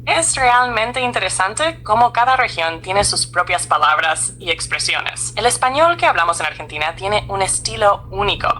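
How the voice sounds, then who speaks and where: Bright synthetic AI assistant woman. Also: mid-range voice, fairly quick, hardly any pauses, slight background noise. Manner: polite, even and helpful.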